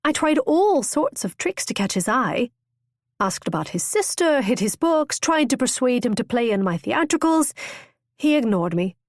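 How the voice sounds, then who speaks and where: A woman's voice: a little high, sing-song, moderate pace, no echo, clean studio sound, voice pushed up. A woman voicing an impulsive, witty young noblewoman who tells her tale eagerly and theatrically. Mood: lively. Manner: bright, eager, storytelling.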